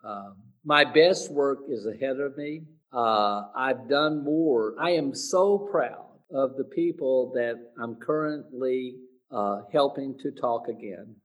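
A man being interviewed, earnest and motivational, halting and searching for words with restarts. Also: mid-range voice, distant mic, poor audio. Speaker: interview guest, speaker and teacher. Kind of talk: sit-down interview.

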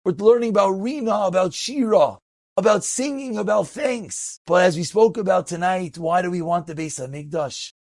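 A man telling an inspirational story as a rabbi, animated and acting out the voices of the people in it. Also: high-pitched, normal speed, vocal fry, no echo, studio quality. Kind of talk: storytelling talk.

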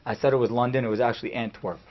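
A man giving a storytelling sermon, animated and acting out the people he quotes, in a dull lo-fi recording. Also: medium pitch, very fast. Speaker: speaker giving a talk.

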